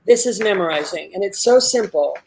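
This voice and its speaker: A man's voice: sits high, animated, a little fast, gravelly, a little mellow, a little hiss or hum. Emphatic male acting teacher coaching. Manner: emphatic, explains step by step with repetition. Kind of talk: live workshop coaching.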